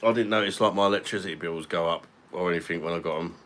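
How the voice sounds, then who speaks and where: A man's voice: sits low, quick pace, a bit bright, a little hiss or hum. A man, chatting casually on a live stream and answering viewers' comments. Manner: laid-back, chatty, reads out viewer comments.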